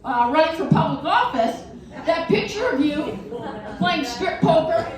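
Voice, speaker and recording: A woman's voice: very high voice, measured pace. A middle-aged woman from Wisconsin doing a stand-up comedy set, telling stories with mocking voices, in a venue with a live audience. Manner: animated storytelling with mocking voices. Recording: roomy, distant mic, audience laughter.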